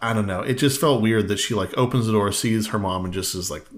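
Speaking fairly quickly in a lowish voice, this co-host of a casual movie-review podcast recounts scenes with dry wit, imitating quoted lines in a mocking way.

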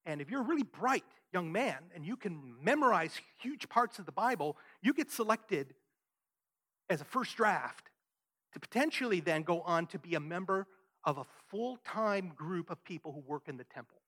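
Male pastor, animated sermon delivery, lively pitch swings. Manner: emphatic, rhetorical questions, frequent "right?".

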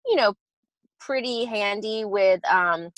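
A woman talks through her design process in a relaxed, conversational way. She explains steps patiently, often pausing with fillers and restarting sentences. Her voice is mid-pitched and recorded dry and close. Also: no echo, poor audio. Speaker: interior designer. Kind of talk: casual podcast interview.

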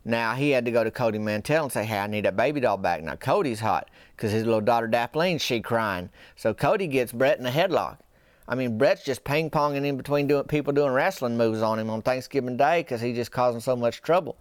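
A man's voice: mid-range voice, fairly quick, no echo, clean studio sound. A man telling a rambling comic story in folksy dialect. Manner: rambling folksy yarn-spinning with dialect grammar.

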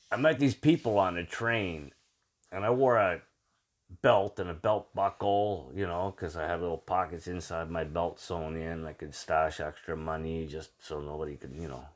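Rambling, swearing Canadian man, lowish voice. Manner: rambling, swears freely, many fillers. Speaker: guest telling travel stories. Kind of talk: casual storytelling chat.

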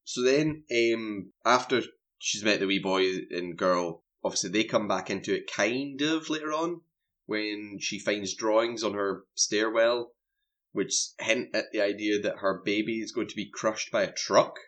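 A man's voice: lowish voice, unhurried. Man recapping a horror film. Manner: animated storytelling, recaps scenes. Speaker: film podcast co-host. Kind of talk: casual film review chat.

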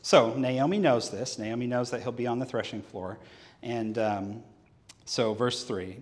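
A male pastor preaches at a middle pitch, his voice trailing off into the long reverb of a large church hall. He tells the scripture story like a storyteller and acts out the characters' lines. Every line rings on a microphone during a Sunday service. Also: a little slow. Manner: animated storyteller who acts out the scripture dialogue. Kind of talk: sermon. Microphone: handheld or headset microphone.

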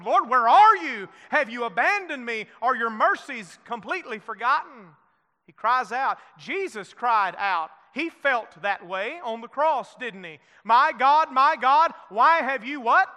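A man preaching a Pentecostal-style sermon, moving between shouted scripture and hushed, intimate storytelling. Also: very high voice. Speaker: pastor. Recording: long church hall reverb.

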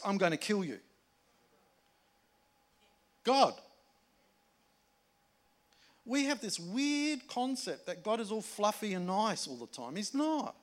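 A man preaching a sermon in a conversational way, moving between emphatic points and hushed asides. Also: high-pitched. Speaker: pastor.

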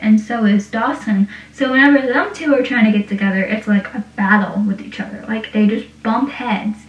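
A young woman chatting casually about a TV show, rambling and saying "like" constantly. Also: on the high side. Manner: rambling, heavy use of "like". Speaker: TV show reviewer. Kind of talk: casual chat. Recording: distant, roomy, dull-sounding.

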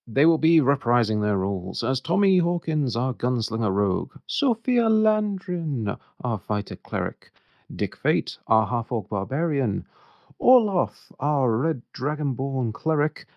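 A man's voice: medium pitch, big pitch swings, a little slow, vocal fry, no echo. A man, hosting a podcast as dungeon master and recapping the last session with frequent hesitations. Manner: hesitant, lots of uh fillers. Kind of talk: recapping a tabletop game session. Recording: dull, slightly lo-fi podcast audio.

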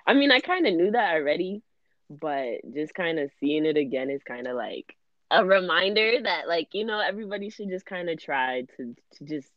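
Low-voiced woman podcast co-host. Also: normal speed, dry recording. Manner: relaxed, hedging, many fillers. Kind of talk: casual chat. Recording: dry, slightly dull recording.

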